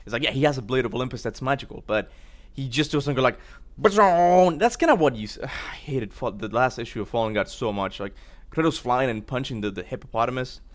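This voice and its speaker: A man hosting a stream, talking in a loose, rambling way. He gets excitable and laughs easily while reacting to clips. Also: mid-range voice, fast. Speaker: streamer host. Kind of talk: casual reaction commentary.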